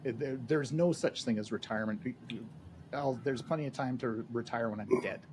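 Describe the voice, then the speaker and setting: A male podcast host speaks at a middling pitch, in a reflective and halting way. He restarts often and leans on fillers as he works through a thought. A clear layer of background noise runs under his voice. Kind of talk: casual interview chat.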